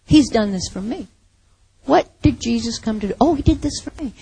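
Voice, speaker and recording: A woman preaching a sermon, slow and dramatic, swinging from loud to whispered. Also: a little high, animated, husky, no room sound.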